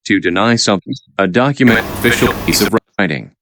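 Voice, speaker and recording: Low-voiced guy reading vocab definitions, repeats every word, bouncy intonation, noisy clicky recording. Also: animated. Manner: halting, repeats each word after its definition. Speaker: vocabulary teacher.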